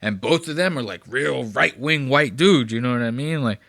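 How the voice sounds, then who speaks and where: A man's voice: medium pitch, moderate pace, gravelly, a bit bright, no echo, studio quality. A man hosting a podcast, chatting casually and profanely about clips he plays, with lots of fillers. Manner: profane, rambling, filler-heavy. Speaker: podcast host.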